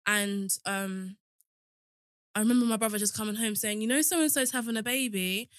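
A woman's voice: medium pitch, moderate pace, dry recording, clean studio sound. A young woman telling a story in a casual chat, swearing freely and acting out what people said. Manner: swears freely, acts out quotes.

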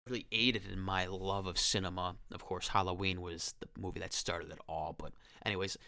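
A man's voice: low voice, fairly even intonation, fairly quick, sharp tone, no room sound, studio quality. A man in his twenties hosting a podcast, talking through a horror film in a rambling, enthusiastic way. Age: 20s. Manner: enthusiastic, rambling, with restarts and quoted lines. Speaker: podcast host. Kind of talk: casual film commentary podcast.

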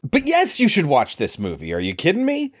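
A man's voice: high voice, wildly swooping pitch, brisk. A man co-hosting a podcast, chatting casually and bluntly about a movie. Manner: opinionated, blunt. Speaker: podcast co-host. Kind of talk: casual movie review chat.

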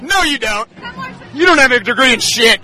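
A man's voice: very high voice, animated, moderate pace, bright, forceful tone, some chatter behind. A man reporting on the street, answering a heckler with mocking, sarcastic comebacks. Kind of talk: confrontational street interview. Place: outdoors on a city street.

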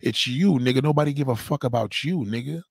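A man's voice: mid-range voice, quick pace, gravelly, slightly rough, no echo, clean studio sound. A man hosting a livestream, mocking and heckling a guest in a clip with profane, repetitive commands. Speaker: livestream host reacting to a clip. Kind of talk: profane live commentary.

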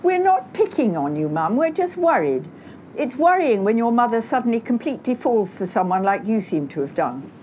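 A woman's voice: on the high side, big pitch swings, moderate pace, darkish tone, a little hiss or hum, voice pushed up. A woman voicing an adult daughter who is worried and exasperated with her mother, speaking emphatically. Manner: emphatic, pointed.

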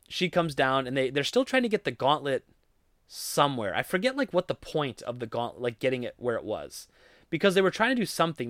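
A man's voice: medium pitch, a bit bright, dry recording, clean studio sound. A man casually retelling a movie plot, rambling and correcting himself as he goes, with small laughs. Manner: rambling, self-correcting, quoting characters with laughs. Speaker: movie fan recapping a film.

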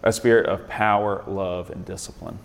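A man's voice: low-pitched, steady tone, normal speed, gravelly, big-room sound. A man leading an interactive Bible lesson in a conversational way, often quizzing his listeners with questions. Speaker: Bible study leader.

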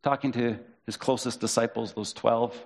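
A man preaching a sermon as pastor, in a conversational way, reading and paraphrasing scripture with lively quoted voices. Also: mid-range voice, normal speed.

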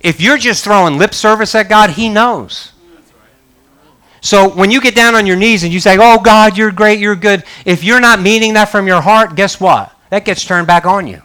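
A man preaching a sermon in a conversational, animated way, building to emphatic outbursts. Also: high-pitched, normal speed. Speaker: pastor.

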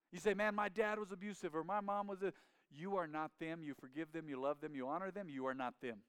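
A man's voice: on the high side, fairly even intonation, a little fast, a bit bright, clear, resonant tone, no echo. A male pastor preaching a sermon, leading the congregation in call-and-response with emphatic, rising appeals. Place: church sanctuary.

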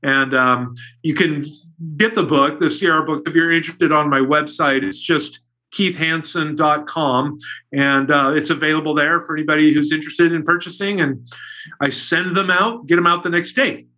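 A keen male guest talks in a bright, forward voice, a bit higher than most men. He rambles happily from one story to the next in a relaxed interview. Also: moderate pace. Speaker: guest, bird illustrator. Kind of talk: casual interview.

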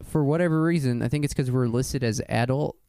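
A man's voice: medium pitch, fairly quick, dark tone, no room sound, clean studio sound. A man hosting a podcast, talking loosely and rambling, laughing often. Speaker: podcast host. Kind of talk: casual podcast chat.

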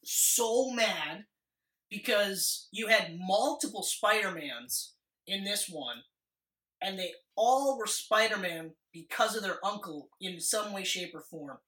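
A woman's voice: mid-range voice, lively intonation, takes it slowly, a bit bright, far from the mic. Sick-voiced woman in an echoey room. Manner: enthusiastic, swears casually. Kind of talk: casual movie review chat.

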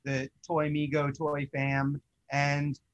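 An excitable young man chats casually about his toy collection and rambles through his stories. His voice sits a little high for a man. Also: slow, dull audio. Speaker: co-host of a toy collecting show. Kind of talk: casual chat.

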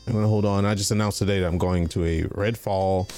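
A man's voice: sits low, steady tone, fast, darkish tone, faint music behind. A man who plays in a tabletop game show, chatting casually and rambling with lots of fillers as he signs off. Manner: rambling, laughing, filler-heavy. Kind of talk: casual farewell chat.

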